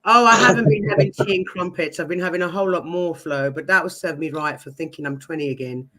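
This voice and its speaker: A woman's voice: lowish voice, fast talker, bright, forceful tone. A woman in her forties with a London accent, chatting as a panel guest in an apologetic, self-mocking way. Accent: London English. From England. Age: 40s. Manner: apologetic, self-deprecating, laughs often. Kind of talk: casual chat.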